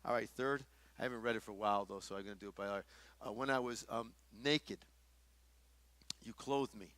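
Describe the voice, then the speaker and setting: A man's voice: lowish voice, a little fast, fairly bright tone, dry recording. A middle-aged man teaching a workshop in a conversational sermon style, often restarting his sentences. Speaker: workshop speaker.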